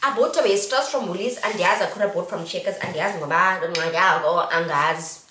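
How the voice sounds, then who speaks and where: A woman's voice: lowish voice, brisk, pushed and bright, recorded from a distance, slight background noise. A young South African woman vlogging casually, playful and sing-song as she talks to her viewers. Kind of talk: casual haul vlog. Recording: echoey room, a little off mic.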